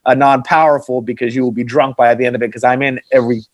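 A male film producer chats in a casual interview, swearing freely and laughing through his stories. His voice sits at an ordinary pitch for a man. The recording is dry, with no room echo. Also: level tone, fast. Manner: laughing, profane storyteller.

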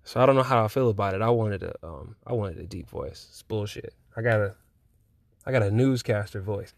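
A young man hosting a solo chat podcast while high, talking in a loose, rambling way with lots of slang and swearing. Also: brisk, creaky, dry recording, clean studio sound. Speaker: podcast host.

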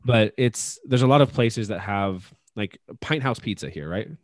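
A man's voice: on the low side, moderate pace, no room sound. A man chatting casually on a podcast, rambling a little with lots of fillers and restarts. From Austin, Texas. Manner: relaxed, rambling, many fillers. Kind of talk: casual chat.

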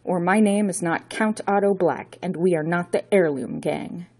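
A woman's voice: fairly low pitch, moderate pace, darkish tone, husky. A woman voicing a gaunt, sinister bearded male villain count, speaking in a grandiose, pompous, arrogant manner.

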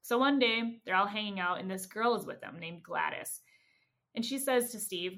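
Woman podcast host, casual storytelling, animated, acts out quotes. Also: mid-range voice, normal speed. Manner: animated retelling, acting out quotes.

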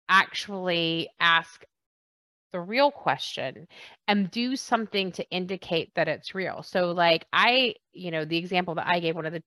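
A woman's voice: fairly low pitch, a bit bright, dry recording, poor audio. A woman hosting an interview and working as a coach, talking in a frank, breezy, playfully blunt way. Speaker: interview host and workplace coach. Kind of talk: casual interview chat.

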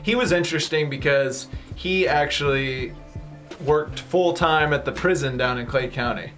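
A man who is an author, a guest in a radio studio, answering interview questions in an earnest, steady storytelling way. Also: a little high, normal speed, faint music behind.

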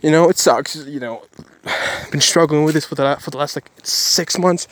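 A man's voice: a little high, normal speed, a bit bright, no room sound. A man talking through his day in a casual vlog, rambling and correcting himself, earnest about his faith. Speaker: Christian vlogger.

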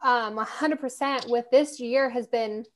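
A woman in her thirties hosts a casual faith podcast. Her voice sits a little high. She talks in an earnest, candid way and leans on fillers like "like.". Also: steady tone, measured pace. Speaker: podcast host.

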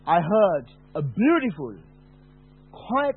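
A man preaching a personal testimony, dropping to a hush and then rising to a shout. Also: on the high side, sing-song, slightly rough. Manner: slow, dramatic, swings from hushed to shouting. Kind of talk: testimony sermon. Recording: tinny phone-like sound.

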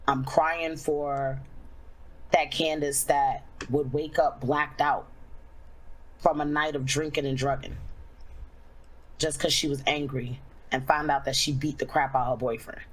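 Young woman, very low voice, streamer, candid personal story, casual fillers, slows when reflective. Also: steady tone, breathy edge, low-quality recording.

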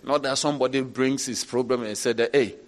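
A man, a bishop preaching a sermon, who swings from low, quiet asides up to laughing shouts. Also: fairly quick. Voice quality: animated, rising to shouts and laughter. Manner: preaching with call-outs and acted quotes. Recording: long reverb in a large hall.

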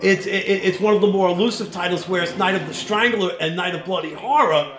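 A man with a New York accent chatting on a film commentary track, halting and restarting often. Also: sits high, fairly bright tone. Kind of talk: casual commentary-track chat. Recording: echoey room with faint music.

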